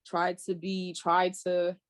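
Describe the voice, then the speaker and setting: A woman's voice: on the low side, takes it slowly. A young woman from California, a podcast guest, telling her story in casual chat, swearing freely and acting out what she said back then. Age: young adult. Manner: animated storyteller, swears freely, acts out her own past remarks.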